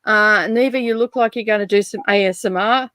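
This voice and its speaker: A woman's voice: mid-range voice, a little fast, a bit bright, no room sound, clean studio sound. A woman hosting a casual reading livestream, chatty, greeting viewers and laughing often. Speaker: livestream host.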